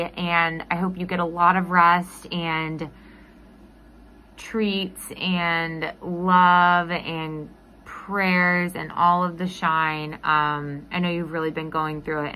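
A woman speaks in a deep, even voice, slow and gentle, with a bright edge to her tone. Faint hiss hangs in the background. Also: poor audio. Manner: slow, gentle, repeating herself. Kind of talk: video message to a friend.

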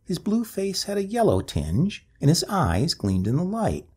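A man's voice: a little high, wildly swooping pitch, unhurried, dark tone, slightly rough. A man reading a ghost story aloud as scripted narration, with a dramatic, swooping delivery.

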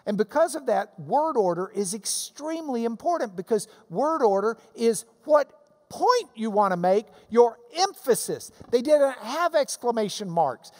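A man giving a Bible class lecture, animated and emphatic with jokey asides. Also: very high-pitched. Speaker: Bible teacher. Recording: long reverb of a large hall.

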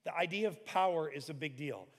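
In a large church hall full of long echo, a lively pastor in his forties preaches with his voice a bit raised. His pitch is fairly high and his delivery brisk as he acts out short scenes and sometimes shouts.

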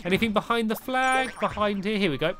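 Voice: mid-range voice, fairly quick, a bit bright, soft background music. A let's-player giving chatty, casual gameplay commentary, laughing often and reading game text aloud in joking voices.

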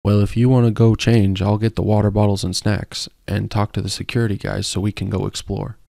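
A man voicing a tough, protective young cowboy who speaks plainly and softly. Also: fairly low pitch, little pitch movement, fairly quick, gravelly, no echo, studio quality. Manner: plain, direct and soft-spoken.

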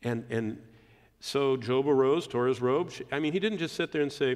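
A man preaching a sermon verse by verse, building to emphatic peaks and dropping low and quiet for weight. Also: moderate pace. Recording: hall reverb.

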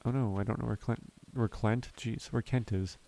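A man hosting a relaxed let's play, thinking aloud and correcting himself as he plays. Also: mid-range voice, normal speed, vocal fry. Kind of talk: relaxed gameplay commentary. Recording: faint game music behind.

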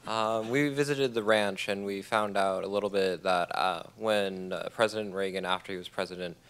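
A man's voice: deep voice, steady tone, moderate pace, a bit bright, clear, resonant tone. A young man from the audience asking a question at a conference, hesitant and full of fillers. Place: conference hall.

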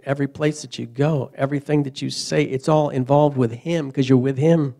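A man preaching a sermon as pastor, animated, acting out quoted voices, swinging from loud emphasis to soft asides. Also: fairly high pitch. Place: church.

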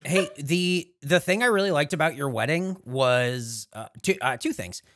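A man's voice: fairly high pitch, moderate pace, a bit bright. A man co-hosting a podcast in casual chat, making easygoing, joking remarks. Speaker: podcast co-host.

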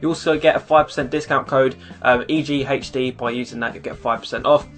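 A man's voice: medium pitch, steady tone, fairly quick, a bit bright. A man hosting a gaming video, talking casually and upbeat to his viewers. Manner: upbeat, addresses viewers as "guys". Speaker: video compilation host. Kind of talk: casual YouTube intro and outro.

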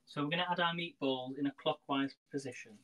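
A man's voice: a little high, steady tone, quick pace, fairly bright tone, rough recording. Chatty man cooking live. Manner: chatty, talks straight to viewers. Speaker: home cook hosting a live stream. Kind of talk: casual live cooking demo. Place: home kitchen. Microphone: phone. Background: frying sizzle.

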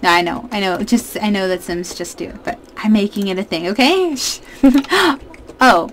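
A woman in her twenties giving casual, excitable let's-play commentary as a gaming YouTuber, chatting to her viewers. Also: medium pitch, moderate pace, slight background noise.

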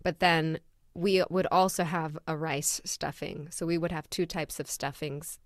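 A young adult woman co-hosting a podcast, telling family stories in an animated way and laughing often. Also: low-pitched, unhurried, no room sound, studio quality. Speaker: podcast co-host. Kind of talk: casual chat.

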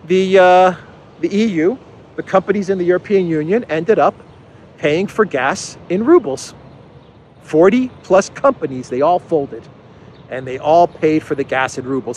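A man's voice: a little high, a little hiss or hum. A man giving opinionated political commentary as host, emphatic and scornful, with frequent fillers and short chuckles.

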